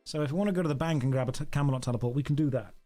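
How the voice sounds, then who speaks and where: Talking very fast in a dark-toned voice of medium pitch, a streamer chats jokingly with his viewers and his dog while gaming. Faint music plays in the background.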